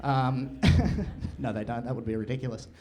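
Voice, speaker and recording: A young man doing crude, deadpan, absurd stand-up storytelling on a comedy club stage. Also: medium pitch, normal speed. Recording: live venue, room noise and audience.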